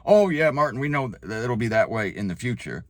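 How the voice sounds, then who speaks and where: A man's voice: medium pitch, big pitch swings, a little fast, no echo, studio quality, pitched below the performer's own voice. A man voicing a skeptical male believer who objects in a dismissive, knowing tone.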